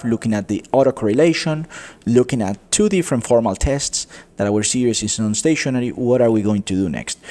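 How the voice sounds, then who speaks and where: A man teaching a coding tutorial, explaining step by step, often calling viewers "guys" and pausing with fillers. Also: medium pitch, darkish tone. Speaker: economics tutor. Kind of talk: screen-recorded coding tutorial.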